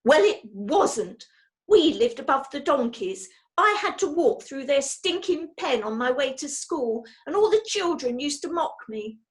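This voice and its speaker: A woman's voice: sits high, sing-song, voice pushed up. A woman voicing a bitter, vengeful woman villain who snarls with rage in a storybook reading. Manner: seething, snarling, slow menacing delivery.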